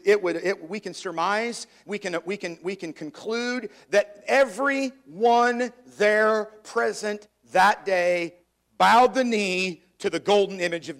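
A man preaching a sermon, reading scripture aloud in an old-fashioned cadence and slowing down to stress key words, often repeating words as he builds his point. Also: high voice, fairly bright tone. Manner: reads scripture in archaic cadence, slowing for emphasis.

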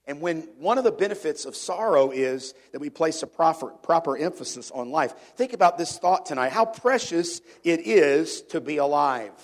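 A man's voice: a little high, lively intonation, moderate pace, hardly any pauses. A middle-aged man preaching a sermon to a congregation in a conversational way, asking them questions and often repeating words as he goes. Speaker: pastor. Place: church before a congregation.

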